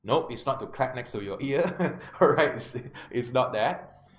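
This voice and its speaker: A man's voice: medium pitch, a little slow. Guy, coach telling a story, keeps asking "yeah?", echoey room. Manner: animated storyteller, checks in with listeners often. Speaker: life coach. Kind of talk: storytelling self-help lesson. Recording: roomy with faint background noise.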